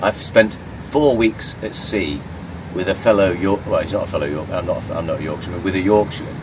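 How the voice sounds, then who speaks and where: Deep-voiced, sweary Lancashire man. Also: fast talker. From Blackpool, England. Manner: swears freely, rambling storyteller. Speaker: interview guest, yacht crew. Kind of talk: casual chat. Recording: distant mic with urban background noise.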